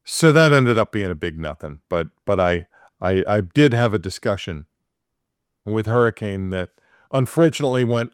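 A man's voice: on the low side, lively intonation, normal speed, smooth, dry recording, clean studio sound. A man in casual chat, telling a long story with many fillers and restarts.

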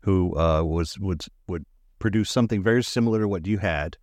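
Low-voiced wisecracking man. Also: a little fast, darkish tone, no room sound, studio quality. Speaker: podcast co-host. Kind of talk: casual comedic banter.

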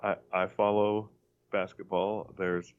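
A man in casual chat, halting with dry humor. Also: deep voice, little pitch movement. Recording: dull, muffled sound.

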